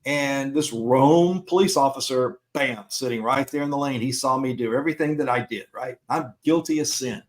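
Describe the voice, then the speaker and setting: A man's voice: medium pitch, normal speed, few pauses. Middle-aged man telling a story on a podcast. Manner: chatty anecdote-teller who acts out dialogue. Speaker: podcast co-host.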